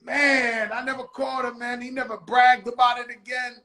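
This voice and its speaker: A man from the United States, the host of a casual chat show, talking in excited street slang with plenty of swearing. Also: very high-pitched, moderate pace, poor audio.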